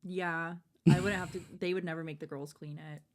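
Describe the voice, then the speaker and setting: A woman's voice: lowish voice, fairly even intonation, brisk. A young woman co-hosting a podcast, chatting bluntly and gossiping about old coworkers. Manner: blunt, gossipy, reacting with short quips. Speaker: podcast co-host. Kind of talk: casual chat.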